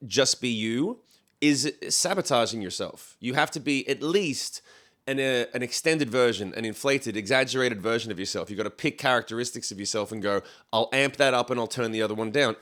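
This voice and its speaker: Man, mid-pitched podcast co-host, blunt and opinionated, swears freely. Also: fairly bright tone. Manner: opinionated, blunt, swears, acts out quoted voices. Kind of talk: casual chat.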